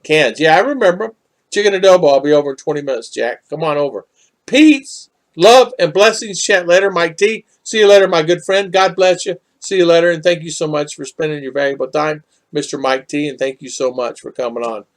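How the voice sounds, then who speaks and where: A man's voice: fairly high pitch, brisk. An older man from the United States hosting a casual live chat, reading viewer comments and rambling with many repeats and fillers.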